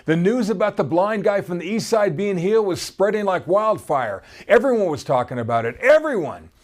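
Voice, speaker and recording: Animated man teaching from the Bible. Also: high voice, moderate pace. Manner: animated, conversational, reads scripture aloud.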